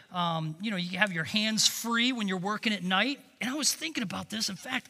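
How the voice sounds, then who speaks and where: A man delivers a storytelling sermon in a high, very bright voice. He drops to hushed lines and then rises to loud, emphatic peaks. The sound carries a long reverb from a large hall. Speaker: camp director and preacher.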